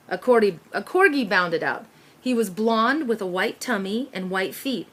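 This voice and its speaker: A woman reading a children's chapter book aloud, narrating in the first person with expressive delivery. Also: mid-range voice, moderate pace. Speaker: storyteller.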